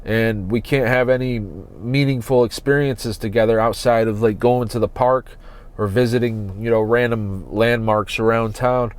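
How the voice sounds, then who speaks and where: A man hosting a solo podcast from inside his parked van, talking slowly and earnestly as he searches his soul. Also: medium pitch, fairly even intonation. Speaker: podcast host.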